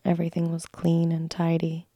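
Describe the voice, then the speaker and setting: A woman narrating a classic story in a soft, slow unvoiced whisper, a whispered role-play read close to the mic. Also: fairly low pitch, monotone, dry recording.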